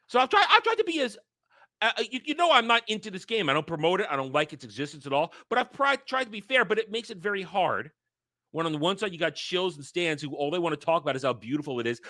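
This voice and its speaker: A man delivering an angry, profane rant as the host of a commentary channel, sometimes breaking into shouts. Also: high-pitched, very animated, fast talker, no room sound, clean studio sound. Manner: heated, profane, shouting at times.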